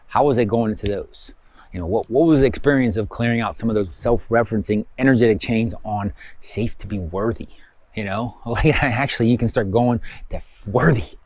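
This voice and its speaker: A man's voice: fairly low pitch, normal speed, a little mellow. A man leading a self-help healing course, talking through a review in a loose, conversational way with many fillers and rhetorical questions. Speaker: course instructor. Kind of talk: casual spoken coaching lesson.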